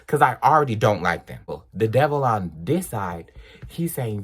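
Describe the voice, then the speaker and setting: A young man telling a personal story in a casual storytime vlog, animated and acting out the people in it. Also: mid-range voice, breathy edge. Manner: animated, acts out voices, drawn-out exclamations. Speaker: vlogger.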